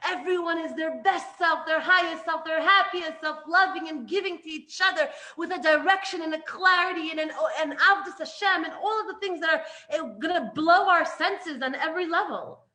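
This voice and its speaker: A woman giving an animated spiritual lesson, emphatic and full of restarts, swinging between loud and hushed. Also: very high-pitched, moderate pace, hardly any pauses. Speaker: Torah teacher.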